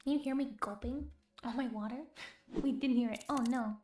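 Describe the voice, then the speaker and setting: A woman streamer speaking softly in a whispered role-play, chatting to her viewers with giggles between words. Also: fairly high pitch, steady tone, normal speed. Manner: soft whispered chat, giggly, chats with viewers. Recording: roomy with faint music.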